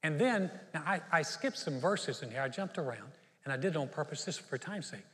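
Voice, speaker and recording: A male pastor preaches in a lively, storytelling way, slipping into the voices of the people in his story. His voice sits a little high and rings with the long reverb of a large hall. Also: a little fast. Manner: storytelling, acts out the Bible characters. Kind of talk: sermon.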